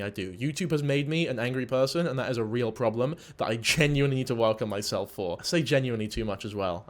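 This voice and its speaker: Young man, youtube commentator, heated profane rant, slightly higher voice. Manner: heated, swearing, ranting.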